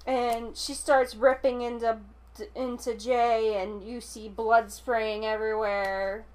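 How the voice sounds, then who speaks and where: Slow-talking woman recapping a film. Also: fairly high pitch, fairly even intonation. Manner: rambling, filler-heavy retelling. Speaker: podcast co-host. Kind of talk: casual chat recapping a film.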